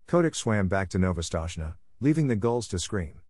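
A man reading a classic story aloud as narration, in a measured, clear way for listeners learning English. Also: deep voice, big pitch swings, a little mellow, no room sound, clean studio sound. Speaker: audiobook reader.

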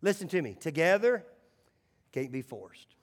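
High-voiced preacher in a reverberant hall. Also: male voice, sing-song, measured pace. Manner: emphatic, swinging between loud calls and hushed asides. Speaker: pastor. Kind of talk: sermon. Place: church sanctuary.

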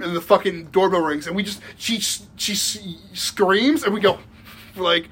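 A man's voice: high-pitched, moderate pace, fairly bright tone, a little hiss or hum. A young man telling a rambling story in casual podcast chat, full of likes and restarts and laughing as he goes. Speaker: podcast guest.

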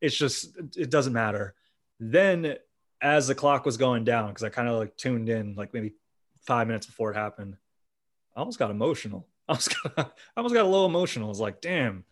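Male podcast host, mid pitch, relaxed, quick to laugh. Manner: laid-back, laughs often. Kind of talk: casual podcast chat.

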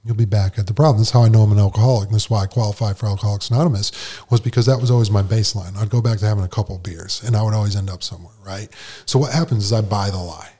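A man with a lowish voice tells his story candidly and with animation. He acts out the back-and-forth of conversations as he goes, in a casual podcast chat. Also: very fast, warm tone. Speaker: podcast guest.

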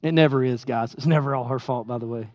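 A man's voice: medium pitch, fast, darkish tone. A man, preaching a sermon as pastor and telling candid stories about himself. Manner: candid storytelling with laughs, acting out his own quotes. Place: church sanctuary. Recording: dull sound with long hall reverb.

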